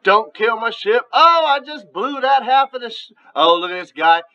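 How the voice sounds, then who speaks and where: Hyped up dad narrating his game, bright forceful voice, kinda dull lo-fi audio. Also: very high voice, moderate pace, a little hiss or hum. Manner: excitable play-by-play with shouted sound effects. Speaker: dad and gaming channel host. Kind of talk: gaming commentary with his son.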